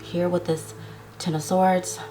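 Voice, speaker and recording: A woman's voice: lowish voice, level tone, dark tone, soft background music. A woman giving a casual tarot love reading to her viewers, chatty and drawn out, often checking in with "okay?". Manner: chatty, drawn-out words, frequent "okay?" tags. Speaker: tarot reader.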